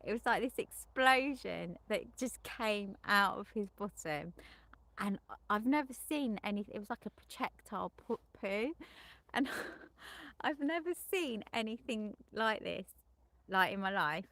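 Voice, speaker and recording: A woman's voice: medium pitch, expressive, a little slow, a bit bright, dry recording. Frank, rambling woman sex therapist. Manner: rambling, frequent restarts and self-corrections; frank and unembarrassed on explicit topics. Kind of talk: casual monologue recounting a client session.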